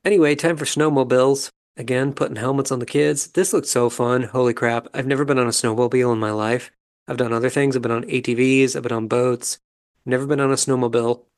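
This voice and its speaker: A man hosting a podcast, giving a calm, measured, analytical commentary as he recaps a reality show episode. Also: mid-range voice. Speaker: podcast host.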